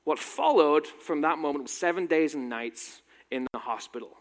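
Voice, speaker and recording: A man in his thirties with a British accent touched by American sounds tells a personal story to an audience with dry, self-mocking humor. His voice sits a little high for a man. A long reverb from a large hall trails behind every phrase. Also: normal speed. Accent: British with a slight American tinge. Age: 30s. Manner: wry, self-deprecating humor. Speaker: speaker giving a talk.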